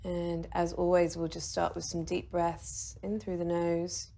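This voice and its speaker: A woman talks a class through a meditation in a relaxed, chatty way. Her voice sits a little low for a woman, and she jokes, laughs and swears casually as she guides. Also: measured pace, gravelly. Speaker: meditation teacher. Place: video shoot with a videographer.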